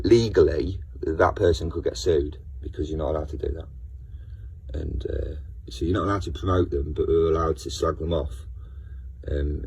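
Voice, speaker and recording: Very husky low-voiced man. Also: a little mellow. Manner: rambling, self-interrupting rant. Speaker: vlogger. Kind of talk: casual monologue.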